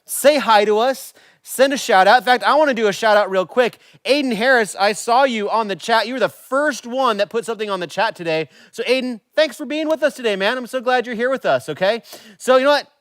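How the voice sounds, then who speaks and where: A man's voice: very high voice, a little fast, fairly bright tone, no room sound, studio quality. A young man co-hosting a live web show, chatty and encouraging toward the viewers. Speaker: co-host of a youth web show.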